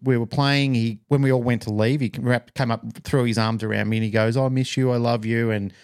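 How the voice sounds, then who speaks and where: This is a middle-aged man with an Australian accent, talking casually as a podcast co-host. He tells a personal story in an animated way and lends the people in it their own voices. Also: medium pitch, fairly quick, clean tone.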